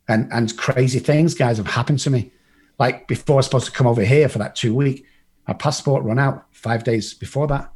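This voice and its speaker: A man's voice: mid-range voice, a little mellow, slightly rough. A man from England, telling a personal recovery story to a group, blunt and profane, acting out the people in it. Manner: blunt and profane, acts out the voices in his story. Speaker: recovery speaker.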